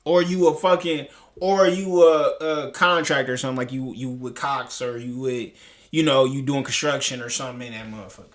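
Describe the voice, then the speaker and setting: A man's voice: medium pitch, fairly even intonation, brisk. A man reacting to a clip, talking in a heated, profane, rambling way with many restarts. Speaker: commentary host. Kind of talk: reaction commentary.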